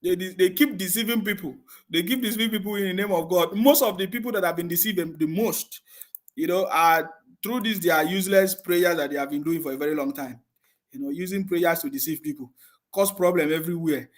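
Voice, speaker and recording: A man's voice: high-pitched, brisk. A man hosting a heated live stream, mocking his critics, laughing often and reading out viewer comments with scorn.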